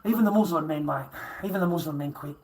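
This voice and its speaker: Cursing constantly, a middle-aged man goads viewers during a foul-mouthed livestream tirade. He speaks fast with a fairly high yet slightly mellow voice, captured on a rough recording.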